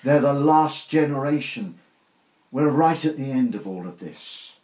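A man's voice: mid-range voice, expressive, a little slow, a little mellow. An older man preaching an informal sermon to a small group, earnest and emphatic, asking rhetorical questions. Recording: roomy echo.

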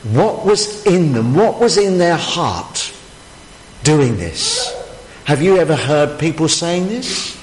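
A man's voice: fairly high pitch, animated, takes it slowly, a little hiss or hum. A man preaching a sermon, emphatic and full of rhetorical questions. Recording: echoey hall, faint ambience.

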